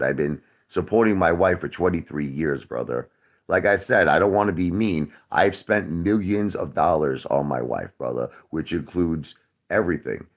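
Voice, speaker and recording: Defensive deep-voiced man in his forties. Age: 40s. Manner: defensive, repetitive, keeps addressing chatters as brother. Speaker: livestreamer answering chat. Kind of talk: casual livestream chat.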